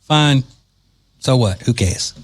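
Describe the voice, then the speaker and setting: A man's voice: medium pitch, lively intonation, slow pace. Male talk radio host. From Louisiana. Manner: joking, wry, sarcastic asides. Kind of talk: casual talk radio monologue.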